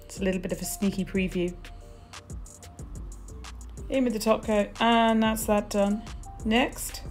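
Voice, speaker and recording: A woman's voice: medium pitch, steady tone, a little slow, pauses often, faint music behind. A British woman chatting casually through a nail polish tutorial, gushing with little exclamations as she goes. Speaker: nail technician demonstrating polish swatches.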